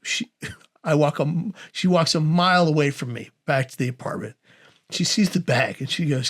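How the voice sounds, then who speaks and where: A man in his forties telling a comic story as a guest, animated and acting out the voices of the people in it. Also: normal speed. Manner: animated, acts out quoted voices with big pitch swings.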